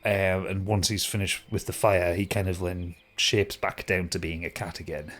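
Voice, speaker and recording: British game master, male, lowish voice, narrates with plenty of ums. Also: little pitch movement, normal speed, fairly bright tone. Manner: descriptive, with many fillers.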